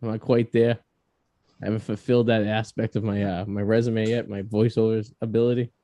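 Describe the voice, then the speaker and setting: In a warm, level voice on the low side, a little fast, a podcast host with a Boston accent runs a casual interview. He cracks self-mocking jokes, and there is no room sound.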